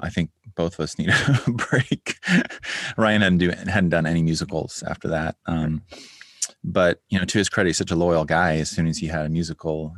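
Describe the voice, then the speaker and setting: A man's voice: rumbling low, no room sound, clean studio sound. A man, a music producer, giving rambling interview answers with many fillers and restarts.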